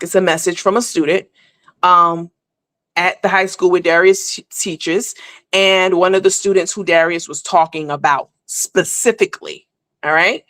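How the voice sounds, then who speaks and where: Low-ish and fairly bright, this woman's voice comes through with no room sound. She hosts a live online show and talks casually and at length to viewers, rambling and calling them honey and baby.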